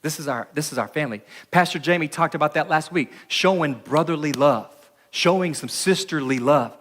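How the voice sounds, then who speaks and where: Guy preaching in a big echoey church, bright kinda high voice, chatty, acts out the bible people. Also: normal speed. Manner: conversational, acts out the people in the story with lively voices. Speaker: pastor. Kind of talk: sermon. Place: church hall. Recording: reverberant church hall.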